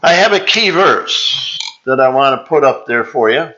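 A man preaching a sermon in a church, teaching slowly and deliberately and drawing out the scripture he reads aloud. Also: medium pitch, expressive, pushed and bright. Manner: slow, deliberate preaching with drawn-out scripture reading. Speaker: pastor. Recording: dull, slightly lo-fi sound.

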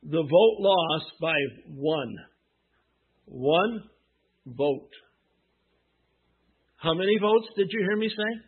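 A man delivers a sermon in a high, husky voice at an unhurried pace. He asks his listeners questions and answers them emphatically, with long pauses between phrases. The sound is narrow and tinny, like a phone call. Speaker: preacher.

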